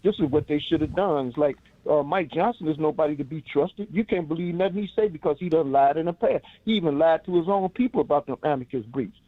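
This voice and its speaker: A man's voice: on the high side, fast, hardly any pauses, dry recording. A man calling in to a radio show, earnest and direct in his opinions. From Chicago, US. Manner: earnest, direct, plain-spoken. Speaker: caller. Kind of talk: call-in political commentary. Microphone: phone. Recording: tinny phone line.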